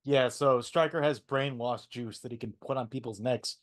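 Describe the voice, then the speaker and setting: A man co-hosting a casual podcast, talking haltingly with repeated words and fillers. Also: mid-range voice, steady tone. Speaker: podcast co-host.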